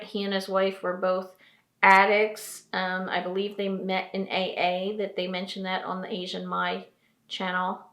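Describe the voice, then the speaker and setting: A woman from New Jersey giving a heartfelt vlog monologue, slow and earnest, repeating phrases for emphasis, tearful and emotional. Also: medium pitch, bright, forceful tone, echoey room. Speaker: trucking vlogger.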